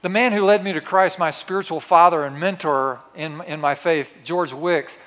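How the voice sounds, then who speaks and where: A man preaching a storytelling sermon, swinging from hushed asides to loud, emphatic exclamations. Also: fairly high pitch, normal speed. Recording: long reverb of a large hall.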